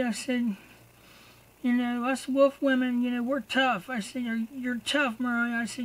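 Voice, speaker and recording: An exhausted woman giving a personal video update to her viewers, halting and trailing off mid-sentence. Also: on the high side, level tone, low-quality recording. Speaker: vlogger.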